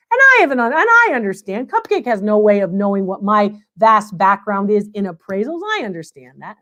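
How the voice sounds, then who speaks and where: High-voiced chatty woman appraiser host. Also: fairly bright tone. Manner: chatty and emphatic, repeats phrases for stress. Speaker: antiques appraiser and livestream host. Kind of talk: live Q&A chat reading viewer comments.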